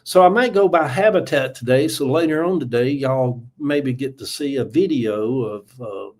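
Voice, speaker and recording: A man in his seventies with a Southern US accent hosts a casual morning livestream from home. He talks in a chatty, folksy way, rambling from one thought to the next and laughing often. His pitch sits in the ordinary middle range for a man. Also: moderate pace. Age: 70s. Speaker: livestream host.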